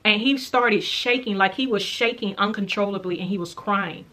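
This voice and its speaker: Sharing a dream as a faith vlogger, this woman uses a medium-pitched, sharp voice. Her telling is earnest and reflective, slow and casual, with important details repeated.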